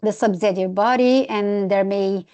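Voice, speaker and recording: A woman presenter answering a question in a webinar, measured and explanatory. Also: mid-range voice, fairly even intonation, a little mellow. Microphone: video call.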